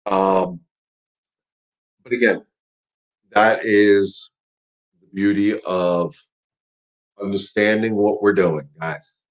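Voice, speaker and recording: A man's voice: fairly low pitch, steady tone, takes it slowly, long pauses, highs cut off. A middle-aged man hosting a live dog-training Q&A, talking casually and emphatically, repeating his points as he coaches. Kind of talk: casual live-stream talk.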